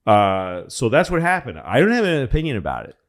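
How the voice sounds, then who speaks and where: A man with an average, mid-range voice tells a long, rambling story in casual podcast talk. He is profane and animated, and he jumps from point to point as he goes. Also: mid-range voice, fairly quick. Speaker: comedian guest.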